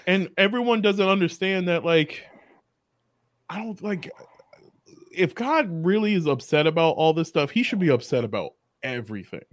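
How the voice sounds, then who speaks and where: Man on a podcast, fairly high voice, dry mic, jokey riffs. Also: normal speed, no room sound. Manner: joking, animated riffing. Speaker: podcast guest or co-host. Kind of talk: casual chat.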